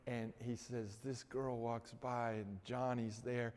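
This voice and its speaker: Slow-spoken preacher in a big hall. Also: male voice, medium pitch, little pitch movement, a little mellow. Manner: repetitive, halting restarts. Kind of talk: sermon storytelling. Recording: long hall reverb.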